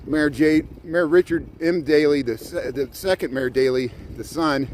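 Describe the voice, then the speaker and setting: A man's voice: fairly high pitch, unhurried, a little mellow, rough recording. A man, chatting casually as he livestreams a bike tour along a city lakefront and points out the sights as he rides. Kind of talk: casual live tour commentary. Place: outdoors by a city lakefront harbor, riding a bike. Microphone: camera mounted on a bike. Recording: outdoor wind and traffic noise. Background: wind noise from riding.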